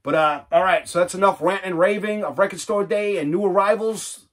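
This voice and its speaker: A man's voice: high voice, a little fast, slight background noise. A middle-aged man casually chatting as he unboxes records, rambling and laid-back, tossing in "man" and "you know". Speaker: vinyl collector vlogger. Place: home record room.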